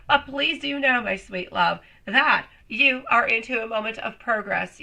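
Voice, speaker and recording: A woman's voice: a little high, gravelly, pushed and bright, poor audio. A woman doing a live tarot reading, chatty and affectionate, calling viewers sweetie and love, her voice still a little off while she recovers. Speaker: tarot reader.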